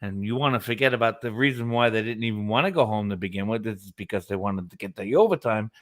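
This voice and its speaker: On a laid-back live stream, the co-host, a middle-aged man, spins lively stories packed with curse words and impressions of others. He talks quickly in a fairly low voice.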